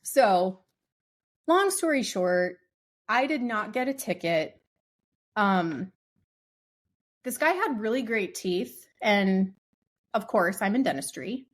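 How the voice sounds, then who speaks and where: A woman's voice: mid-range voice, very animated, slow pace, pauses often. A woman co-hosting a podcast, telling a long story in casual chat. She laughs often and rambles with lots of "like" fillers. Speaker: podcast co-host.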